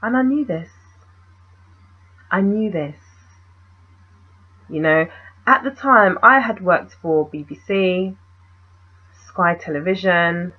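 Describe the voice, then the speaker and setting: A woman's voice: lowish voice, takes it slowly, long pauses, lo-fi sound. A young woman, telling a story in a casual, rambling vlog and asking the viewer questions.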